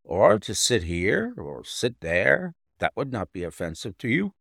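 A man reading an audiobook, voicing a fussy, odd gentleman employer who coaxes in a persuasive way. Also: fairly low pitch, very animated, unhurried, vocal fry, no room sound, clean studio sound, exaggerated voice. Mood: coaxing.

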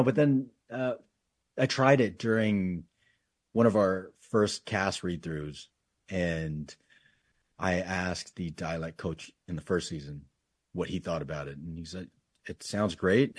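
A man's voice: low voice, a little slow, husky, no room sound, clean studio sound. A man, an actor guest, chatting casually in an interview, joking about himself and laughing often. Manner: laughing, self-deprecating, animated.

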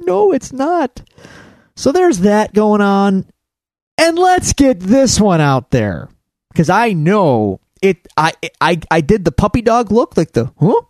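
A man co-hosting a podcast, talking in a rambling, animated way with many restarts. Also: high voice, slow pace, no room sound. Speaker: podcast co-host. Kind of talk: casual chat.

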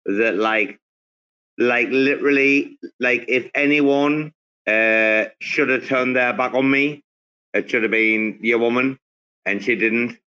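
A man's voice: medium pitch, slow pace, sharp tone, clear, resonant tone, lo-fi sound. Rambling Englishman from England hosting. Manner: rambling, with frequent fillers and restarts. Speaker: host. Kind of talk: casual group chat on a live audio space.

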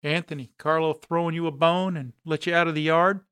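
A man's voice: on the high side, steady tone, a little fast, a bit bright, clean tone, lightly acted. A man reading the lines of a laid-back adventurer with a dry, sarcastic manner. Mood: wry.

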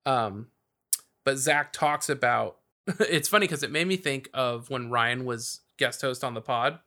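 Rambling through a casual chat, a male podcast co-host fills his talk with fillers and frequent restarts. His medium-pitched voice sounds pushed and bright, and he keeps a measured pace.

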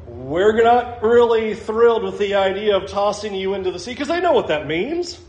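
Male pastor, higher voice, emphatic sermon delivery with rhetorical questions, echoey room. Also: big pitch swings, normal speed, darkish tone. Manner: emphatic, repeats phrases for effect, asks questions.

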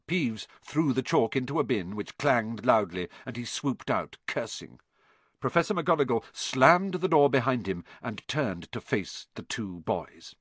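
Expressive male audiobook narrator. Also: normal speed, no echo. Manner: expressive, swinging pitch. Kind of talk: scripted narration.

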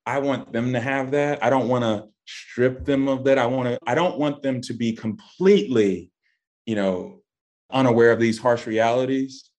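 A man's voice: moderate pace, a little mellow. A man, answering interview questions with passion and emphasis. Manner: passionate, emphatic, voice rising high when stressing points. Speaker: guest. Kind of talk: impassioned interview talk.

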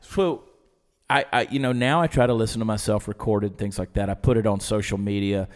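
Low-voiced man with a soft Southern accent. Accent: muted Southern US. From Georgia, US. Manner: storytelling, animated, quick to laugh. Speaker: podcast guest. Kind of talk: casual chat. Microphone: studio microphone with headphones.

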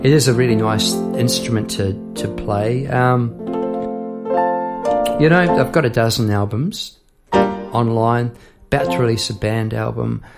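A man's voice: mid-range voice, unhurried, vocal fry, long pauses, over loud music. A middle-aged man, a songwriter hosting his own podcast, chatting casually and rambling through stories with frequent restarts. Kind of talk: casual chat about songwriting.

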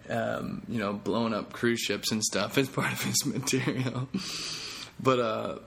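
A man's voice: medium pitch, level tone, unhurried, vocal fry, a bit bright. A comedian hosting his own podcast, talking in a rambling, jokey, self-deprecating way. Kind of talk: casual podcast monologue.

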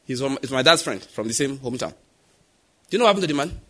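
A man's voice: mid-range voice, fast talker. A man with a Nigerian accent preaching a sermon, telling stories and acting out the voices in them. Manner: animated storytelling, acting out quoted voices.

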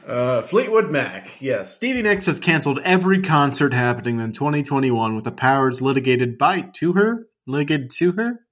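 A man's voice: medium pitch, lively intonation, moderate pace, hardly any pauses, a bit bright. Rambling man co-hosting a podcast. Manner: riffing, rambling, self-correcting. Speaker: podcast co-host. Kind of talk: comedic casual banter.

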